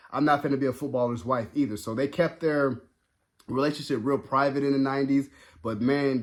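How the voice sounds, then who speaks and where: A man giving a casual, rambling spoken review, full of fillers and restarts. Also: medium pitch. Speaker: video reviewer.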